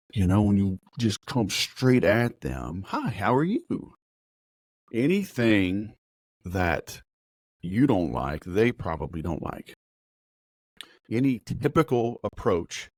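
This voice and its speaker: Middle-aged male sales coach, deep voice, quick chatty delivery, dry close mic. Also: a little mellow, no echo. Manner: rapid, conversational, full of fillers and analogies. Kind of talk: casual motivational talk.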